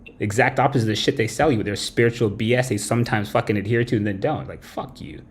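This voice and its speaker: On a late-night stream, this host talks fast in a fairly low voice. His rant is blunt and loaded with profanity, and he keeps tacking "right?" onto his lines.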